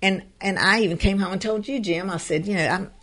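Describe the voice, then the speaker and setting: A woman's voice: mid-range voice, steady tone, fast talker, a bit bright. A woman co-hosting a live show, speaking earnestly with many fillers and restarts. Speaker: show co-host. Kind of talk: casual live show talk.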